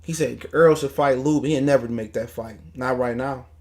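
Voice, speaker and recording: A man's voice: medium pitch, normal speed, darkish tone. A man hosting a casual boxing livestream, ranting in a heated, profane, mocking way. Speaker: boxing talk show host.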